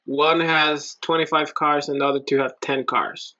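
A man's voice: fairly high pitch, little pitch movement, normal speed, pushed and bright. A man co-hosting a podcast in casual chat, tossing in dry wisecracks. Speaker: podcast co-host. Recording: dull lo-fi sound.

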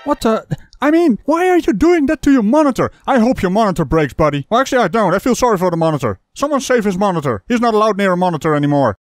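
A man's voice: high voice, lively intonation, fast talker. A man hosting a reaction video, mocking the clip he plays with scornful, chuckling sarcasm. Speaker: commentary host reacting to a video.

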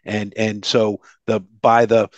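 A man's voice: on the low side, level tone, slow pace, no echo, lo-fi sound. A man being interviewed as a human rights advocate, explaining in an earnest way with frequent restarts. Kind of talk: podcast interview conversation.

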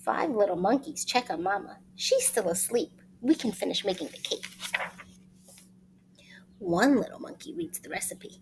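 Animated woman reading a picture book aloud. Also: mid-range voice, normal speed, creaky, a little hiss or hum. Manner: expressive, sing-song, speaks to young listeners. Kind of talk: children's read-aloud.

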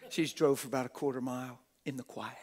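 A middle-aged man preaching a passionate, folksy sermon, often laughing and bursting into shouts. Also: mid-range voice, steady tone, quick pace. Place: church hall with a congregation.

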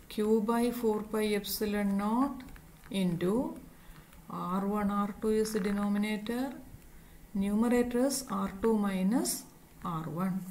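A woman's voice: mid-range voice, darkish tone, slight background noise, low-quality recording. A woman teaching physics, explaining a derivation step by step and spelling out each term and symbol. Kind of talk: slow, step-by-step lecture.

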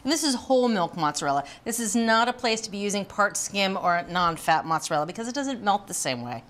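A woman's voice: medium pitch, animated, brisk, fairly bright tone. A woman hosting a cooking show, chatting with enthusiasm in a test kitchen studio. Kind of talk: casual kitchen chat and recipe recap.

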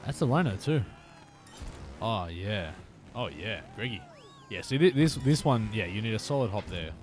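There's a little hiss or hum behind this fairly low, animated male voice, which moves at a moderate pace. He plays a motorbike game on stream, bantering playfully with viewers and occasionally lowering to a whisper.

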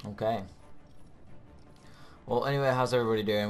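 A man's voice: mid-range voice, lively intonation, a little fast. Male gaming YouTuber, ranting and cursing through a match, faint music underneath. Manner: angry, swearing, exasperated. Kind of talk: ranting gameplay commentary.

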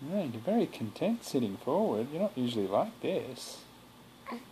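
A woman with an unusually deep voice murmurs soft, cooing baby talk to a little animal. It sounds like a casual home video recorded on a camera mic. A faint room hum sits in the background. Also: big pitch swings, normal speed, poor audio. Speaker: animal carer filming a baby wombat.

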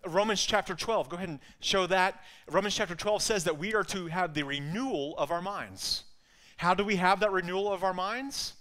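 A man's voice: high-pitched, normal speed, fairly bright tone. A man with an Alabama accent preaching a sermon in an earnest way, often repeating words as he builds a point. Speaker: pastor.

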